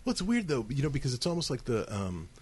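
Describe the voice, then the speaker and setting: A man as a guest reviewer in a casual film chat, animated and repeating words when he gets going. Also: mid-range voice, quick pace, breathy edge.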